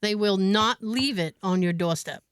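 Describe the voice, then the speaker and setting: A woman's voice: medium pitch, moderate pace, clean tone, dry recording. Woman podcaster rambling thru a story, dry close sound, laughs a lot. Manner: animated storyteller, laughs often. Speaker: podcast host. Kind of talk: casual chat.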